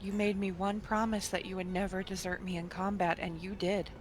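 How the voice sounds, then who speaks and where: A woman's voice: medium pitch, level tone, a little fast, soft background music. A woman playing her character in a tabletop game, speaking firmly in character. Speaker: player. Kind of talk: in-character tabletop role-play.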